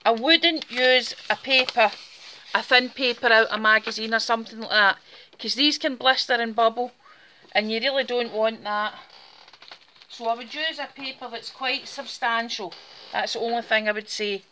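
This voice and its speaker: Scottish borders lady doing a craft tutorial, chatty, bright clear voice, a bit high. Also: moderate pace, a little hiss or hum. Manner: chatty, talks while working with her hands. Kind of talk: casual step-by-step craft demonstration.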